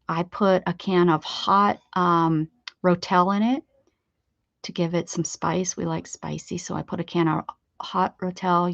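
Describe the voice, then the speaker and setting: A middle-aged woman hosts a craft livestream in a lowish voice with vocal fry, with no echo. She chats casually and rambles, correcting herself often, and the dry recording sounds dull and slightly lo-fi.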